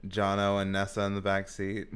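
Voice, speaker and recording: A man running a tabletop role-playing game, animated and quick to laugh. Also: deep voice, clean tone. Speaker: game master.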